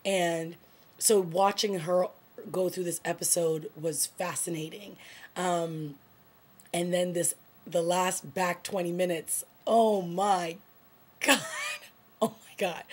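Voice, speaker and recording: A woman with a slightly husky voice talks through a TV episode she just watched. She is casual and animated, gushing and tossing in filler words as she recaps scenes. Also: on the low side, measured pace. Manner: excited, gushing, frequent "like" and "oh my God". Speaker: TV review vlogger.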